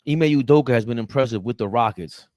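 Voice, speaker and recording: A man's voice: mid-range voice, quick pace, darkish tone, no echo, studio quality. A man hosting a casual live-stream sports talk show, reading chat comments aloud and ranting and bantering with the chat, with laughs between points.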